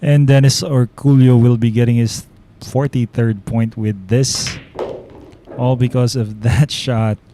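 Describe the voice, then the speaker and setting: Excitable Filipino billiards commentator, mellow voice. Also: male voice, medium pitch, unhurried, a little hiss or hum. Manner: excitable, exclaims at big shots. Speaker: play-by-play commentator.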